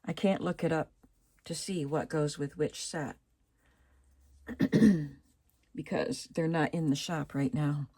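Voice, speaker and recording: A woman with a low, unhurried voice talks through her craft haul in a relaxed vlog. She thinks aloud as she goes and lingers over the pieces she likes. Her voice still has a slight morning roughness. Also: dry recording. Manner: slow and chatty, softly admiring, thinking aloud. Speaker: craft vlogger. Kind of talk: casual show-and-tell vlog.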